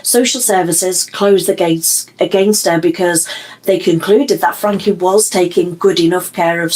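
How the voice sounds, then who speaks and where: Measured woman, lowish voice. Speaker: documentary commentator. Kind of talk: true crime documentary narration.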